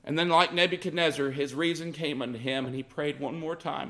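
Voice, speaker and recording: A man's voice: on the high side, fairly even intonation, a little fast, few pauses, a bit bright. A man preaching a sermon, emphatic and repetitive, his voice swinging up and down. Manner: emphatic, rising and falling with repeated phrases.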